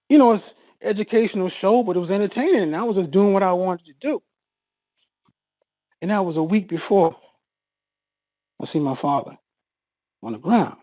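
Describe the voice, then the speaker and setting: A man telling an emotional personal story, halting and repeating words, his voice rising as he relives a moment of panic. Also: high-pitched, warm tone, no echo, low-quality recording.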